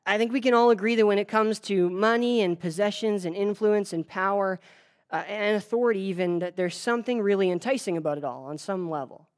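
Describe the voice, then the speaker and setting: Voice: mid-range voice, fairly quick. A preacher tells a story during a sermon in a loose, conversational style. The speaker talks straight to the listeners, often stumbling over words and restarting sentences. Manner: conversational, many restarts and fillers; addresses the audience directly.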